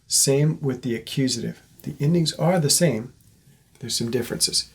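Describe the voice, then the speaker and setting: Husky-voiced man teaching a class. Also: medium pitch, normal speed. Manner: patient, explanatory, checks in with "okay?". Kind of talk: recorded class lecture.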